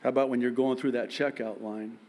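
A man preaching a sermon, telling everyday stories in a lively way and laughing at himself. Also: medium pitch, fairly quick. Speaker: pastor.

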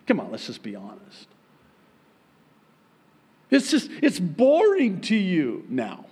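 A man preaching a sermon as pastor, with emphatic, raised high-pitched points broken by quiet, joking asides. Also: wildly swooping pitch, takes it slowly, breathy edge. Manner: humorous, self-deprecating asides.

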